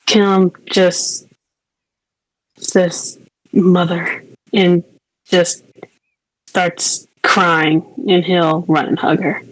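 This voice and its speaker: A woman narrating her character in a tabletop game, lowish voice and a slow, hesitant pace. The sound is dry and close. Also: steady tone, no room sound, low-quality recording. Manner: hesitant, soft-spoken narration. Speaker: player.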